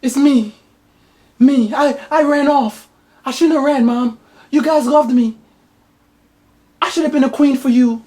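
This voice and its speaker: A woman's voice: high-pitched, unhurried, long pauses, mellow, voice pushed up. A woman voicing a runaway young princess who gasps out dramatic, tearful exclamations. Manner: melodramatic, gasping exclamations.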